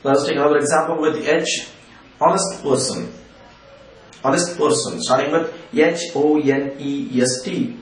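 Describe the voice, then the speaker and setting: A man's voice: a little high, fairly even intonation, measured pace. A man with an Indian English accent teaching an English grammar lesson, patiently repeating and spelling out examples. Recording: echoey room, distant from the mic, faint ambient noise.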